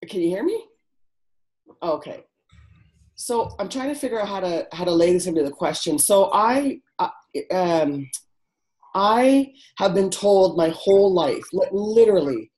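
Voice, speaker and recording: A woman caller telling stories on a coaching call, animated and casually swearing, with many restarts. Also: medium pitch, a little slow, poor audio.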